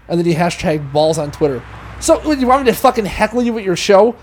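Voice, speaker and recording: Fast-talking, high-voiced man telling a rambling story. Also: expressive, slight background noise. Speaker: podcast host. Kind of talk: casual chat.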